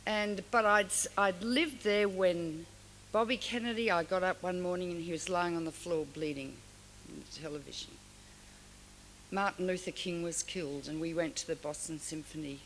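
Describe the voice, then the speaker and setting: An older Australian woman gives an award speech to an audience in a large hall, her lowish voice moving at a moderate pace. She is frank and tells stories, throwing in animated asides. The recording carries a long hall reverb and a faint hiss.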